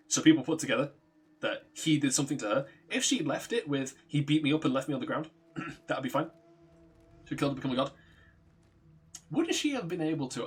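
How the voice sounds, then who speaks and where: A man's voice: medium pitch, a bit bright, breathy edge. A man streaming a video game, chatting loosely and swearing freely as he rambles and corrects himself. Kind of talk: casual chat while playing a game.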